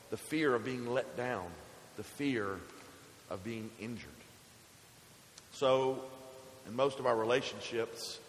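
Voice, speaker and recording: A man preaching a sermon as a pastor in a church, measured, rising and falling in pitch for emphasis. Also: a little hiss or hum. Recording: echoey church hall.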